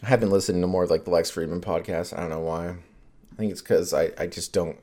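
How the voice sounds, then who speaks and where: A man's voice: low voice, fairly even intonation, fast talker, dark tone. A man hosting his own podcast, rambling in casual chat, full of fillers and swearing and laughing often.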